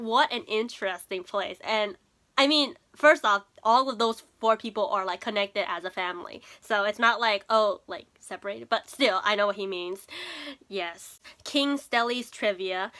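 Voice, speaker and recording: A woman's voice: mid-range voice, sharp tone. A young woman chatting casually as she recaps and reacts to an anime episode, laughing often and using lots of fillers.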